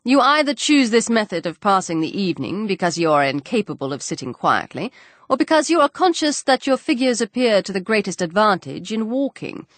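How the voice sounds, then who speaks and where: A woman voicing a proud, stern young gentleman with a low, measured and severe delivery in an audiobook. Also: sing-song, dry recording, lightly acted. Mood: cool.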